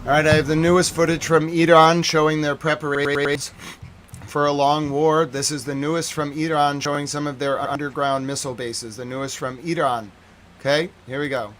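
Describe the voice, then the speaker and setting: A man hosting a live stream, joking and repeating himself as he reacts to news footage, swinging between loud outbursts and quiet mutters. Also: fairly high pitch, flat delivery, moderate pace, a little hiss or hum.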